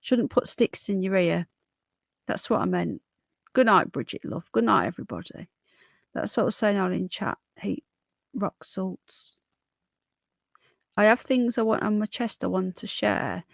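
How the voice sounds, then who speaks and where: A hoarse woman in her early forties talks casually to her livestream viewers, her voice gravelly and full of fry. She sounds dry and close, with no room around her, and keeps calling people love and darling. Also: mid-range voice, lively intonation, a little slow, long pauses, no echo. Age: 40s. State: hoarse from illness. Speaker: livestream host. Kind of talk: casual live chat.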